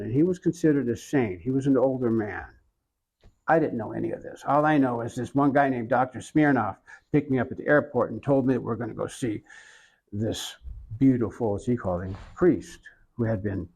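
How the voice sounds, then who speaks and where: An older American man with an Oklahoma accent and a gravelly edge to his voice. He sits for an interview and tells a long personal story in a slow, reflective way, pausing often. His pitch sits in the middle range for a man. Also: darkish tone, low-quality recording. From Oklahoma, USA. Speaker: interviewee, iconographer.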